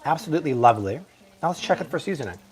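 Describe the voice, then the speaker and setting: Excitable man hosting a cooking show. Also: mid-range voice, racing. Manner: enthusiastic, exclamatory. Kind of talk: live cooking demonstration. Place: home kitchen.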